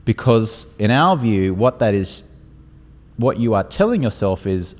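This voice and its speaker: An Australian man telling his story as a guest in an interview, animated and acting out quotes. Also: on the low side, a little slow, big-room sound. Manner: animated, acts out quotes with voices.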